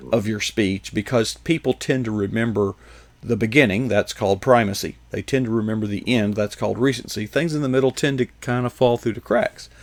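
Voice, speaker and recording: Gravelly-voiced male talk show host. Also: on the low side. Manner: folksy, joking asides. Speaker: host, psychologist. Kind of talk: casual chat.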